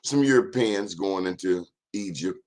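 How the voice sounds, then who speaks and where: A man's voice: sits low, darkish tone. A man hosting a casual live-stream monologue, chatting and speaking straight to his viewers. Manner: chatty, addresses viewers directly, drawn-out phrases. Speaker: host.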